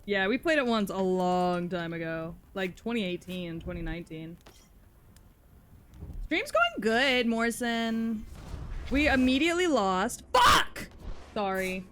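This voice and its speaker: Slow-talking, exasperated young woman streamer. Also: mid-range voice, big pitch swings, fairly bright tone, a little hiss or hum. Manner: exasperated, profane, blurting outbursts. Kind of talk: casual live-stream chat while gaming.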